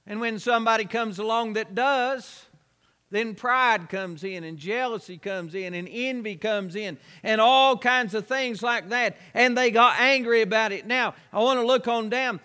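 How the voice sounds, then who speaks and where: A man's voice: very high-pitched, bright, forceful tone, clear, resonant tone, in a large hall. A man preaching a sermon, building his points through repetition and rhetorical questions.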